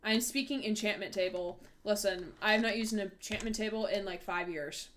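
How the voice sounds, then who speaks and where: Her voice mid-range and a bit bright, a woman talks fairly quickly while hosting a live game stream. The chat is casual and rambling, packed with fillers and self-corrections.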